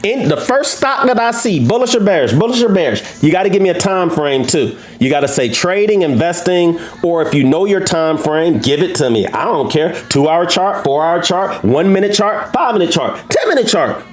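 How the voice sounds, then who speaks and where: A man teaching trading to viewers in a live lesson, brash and boastful, challenging his audience and jumping up in pitch for emphasis. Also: a little fast, few pauses. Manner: animated, swoops up into high pitch for emphasis.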